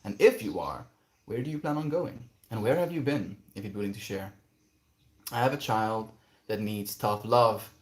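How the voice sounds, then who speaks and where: A man's voice: on the low side, normal speed. A man on a casual livestream outdoors, reading viewer messages aloud and musing on them in a reflective way. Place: outdoors, quiet spot.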